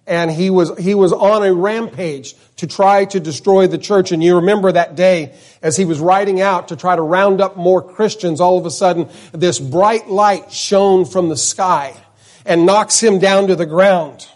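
A man's voice: high-pitched, measured pace, a little mellow. Earnest preacher in his fifties. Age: 50s. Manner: earnest, conversational, repeats names for emphasis. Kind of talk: sermon. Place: church, in front of the pulpit.

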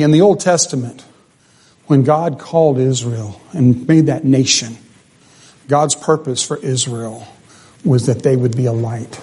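Husky-voiced male preacher. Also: mid-range voice. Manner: animated preaching with rhetorical questions, voice rising and falling. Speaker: pastor. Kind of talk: sermon.

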